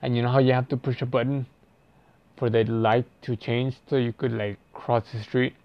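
A man's voice: mid-range voice, little pitch movement, normal speed, no room sound, muffled recording. Rambling, profane young man telling a story. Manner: rambling and profane, full of "like" fillers and restarts. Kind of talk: casual storytime.

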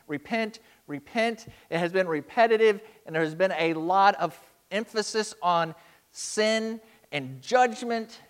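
A male pastor delivers a sermon in an earnest, emphatic way. His voice sits fairly high for a man and he speaks slowly, drawing out the words he wants to land. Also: fairly bright tone.

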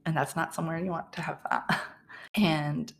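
A woman's voice: low voice, steady tone, moderate pace, gravelly, slight background noise. A young woman hosting a podcast, chatting casually through a personal story, laughing often and restarting her sentences. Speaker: podcast host.

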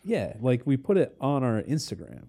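A man's voice: medium pitch, huge pitch swings, normal speed, creaky, dark tone, husky. A man co-hosting and editing a podcast, trading dry, teasing banter in casual chat. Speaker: podcast co-host and editor.

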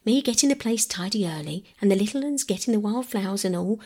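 A woman's voice: mid-range voice, lively intonation, fast talker, darkish tone. A woman doing a chatty working-class mother. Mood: grateful. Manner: chatty, rambling, countrified speech. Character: talkative working-class mother, overwhelmed and grateful.

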